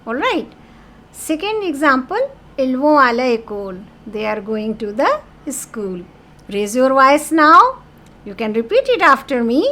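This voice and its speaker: A woman's voice: high voice, animated, measured pace, pushed and bright. A woman teaching a French lesson in English, explaining patiently and repeating key words with French phrases mixed in.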